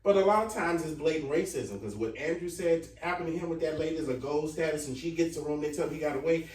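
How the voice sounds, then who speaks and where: A man's voice: fairly high pitch, quick pace, a little mellow. A man talking in a hotel room, complaining with emphatic indignation. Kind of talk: casual chat. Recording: roomy sound from far off.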